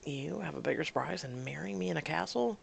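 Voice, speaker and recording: A man voicing an emotional, hesitant young bride in a story game, raising his voice higher and keeping it soft. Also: animated, fast, gravelly, breathy edge, soft background music, heavily acted. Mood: unsure.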